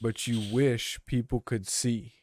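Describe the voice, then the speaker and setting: A man's voice: mid-range voice, steady tone, takes it slowly, darkish tone, a little hiss or hum. Rambling young man podcast co-host. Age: young adult. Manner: rambling, trails off and restarts. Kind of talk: casual chat.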